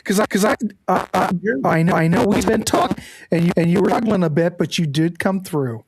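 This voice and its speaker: A man's voice: high voice, brisk, slightly rough. A man hosting a live panel stream, talking casually and passing the turn to the next guest. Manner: chatty, flustered by tech trouble, a little profane. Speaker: host. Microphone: streaming mic.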